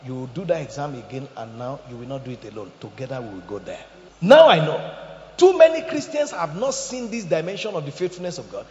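A man preaching a sermon as pastor, animated, acting out quotes and jokes. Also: on the high side, fairly quick. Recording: echoey hall, dull lo-fi sound.

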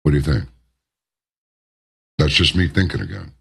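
A man with a very deep, gravelly voice holds forth as a radio talk host. His delivery is emphatic and rambling, with asides and rhetorical questions, and the tone stays husky throughout. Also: lively intonation, normal speed, a bit bright. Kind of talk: opinionated talk radio monologue.

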